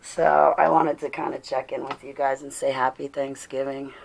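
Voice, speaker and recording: Tired woman with a gravelly voice. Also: very deep voice, little pitch movement, normal speed, a little hiss or hum. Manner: preachy, reads chat aloud, laughs often. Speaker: livestream host. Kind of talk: casual livestream chat.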